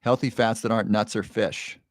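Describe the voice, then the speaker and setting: A man hosting a live stream, reading viewer comments and coaching them with quick, earnest questions. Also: on the low side, steady tone, dry recording, studio quality. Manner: encouraging, coaching with rapid questions; earnest, emotional at times. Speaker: livestream host.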